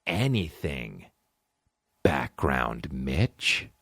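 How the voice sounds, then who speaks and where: A man hosting a comedy podcast, ranting profanely and swinging between excited highs and low mutters. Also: drawn-out words, vocal fry, slightly rough, no room sound, studio quality. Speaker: podcast host. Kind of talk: solo comedy podcast rant.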